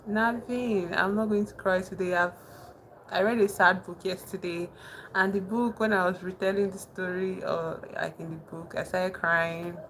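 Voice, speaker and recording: A young woman chatting casually with her live-stream chat, soft-spoken and calling herself very emotional. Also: fairly low pitch, steady tone, moderate pace, low-quality recording. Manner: soft-spoken, thanks chat warmly, says she is very emotional. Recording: noticeable background noise.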